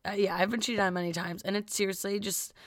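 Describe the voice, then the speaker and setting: A woman in her twenties from the Midwest, co-hosting a podcast in casual chat, telling stories in an animated way and acting out quoted lines loudly. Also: mid-range voice, quick pace, no room sound, studio quality. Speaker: podcast co-host.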